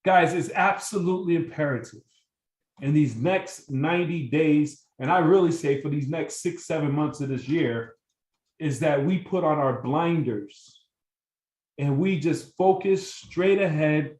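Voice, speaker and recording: A man's voice: on the high side, unhurried, a little mellow, reverberant, recorded from a distance, poor audio. A man leading a sales team training, coaching with energy and acting out sample phone calls. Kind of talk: motivational training talk.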